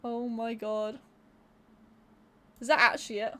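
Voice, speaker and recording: A woman's voice: a little high, little pitch movement, measured pace, bright, forceful tone. A woman streamer chatting casually with her live viewers, laughing often, swearing freely and repeating words as she thinks.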